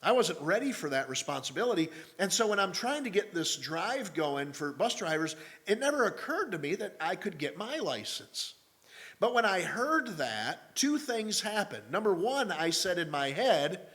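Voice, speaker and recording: A man's voice: high-pitched, sing-song, moderate pace, a bit bright. A man in his forties preaching a sermon as pastor, telling stories and numbering his points with folksy asides.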